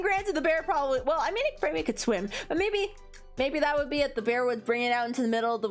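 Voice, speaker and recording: Give me a giggly young woman streamer with a lively, high voice, chatting and rambling with a congested nose. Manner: giggly, rambling, lots of fillers. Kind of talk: casual chat.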